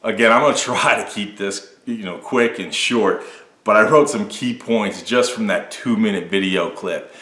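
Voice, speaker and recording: A man hosting a business podcast, reacting to a news clip with animated, preachy commentary and rhetorical jabs. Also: normal speed, roomy sound. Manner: animated, preachy, swings from loud rhetorical jabs to low asides. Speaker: podcast host.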